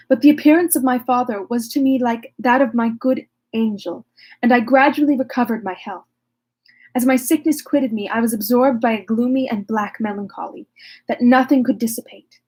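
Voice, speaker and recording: A woman's voice: a little high, a little mellow. A woman reading a classic novel aloud, breaking off now and then for wry, joking asides. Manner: wry asides, laughs at herself. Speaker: reader.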